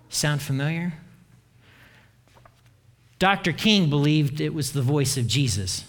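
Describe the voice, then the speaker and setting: Pastor guy preaching, pretty high voice, earnest, trails off low on the big lines, big echoey hall. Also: lively intonation, slow pace, pauses often. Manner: earnest preaching, lets his voice drop low at the end of key phrases. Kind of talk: sermon. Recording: long reverb of a large hall.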